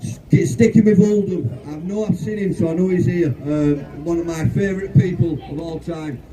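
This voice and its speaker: Man, protest MC, friendly and rousing, slightly high voice, crowd clearly heard behind. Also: moderate pace, distant mic, poor audio. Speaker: rally organiser and MC. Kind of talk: announcing to a crowd. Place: outdoor street protest. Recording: outdoor protest with crowd noise.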